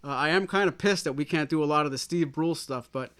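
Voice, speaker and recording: Upbeat guy hosting a home music stream on an old mic, slightly high voice, chatting to folks at home. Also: quick pace, a bit bright. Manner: upbeat, chatty, talks straight to viewers. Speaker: host. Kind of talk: casual livestream chat. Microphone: old microphone.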